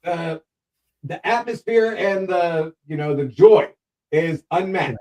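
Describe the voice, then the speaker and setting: A man hosting a relaxed talk show, his voice sitting a little higher than most men's. He talks in a playful, teasing way, quick to joke with his co-hosts. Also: low-quality recording. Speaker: host. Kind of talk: casual talk show chat.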